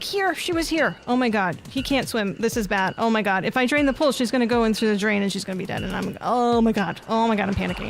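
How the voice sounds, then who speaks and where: A woman's voice: a little high, vocal fry. A woman streaming a horror game, reading its text aloud, talking to herself and panicking and swearing at the game. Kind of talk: live gameplay commentary.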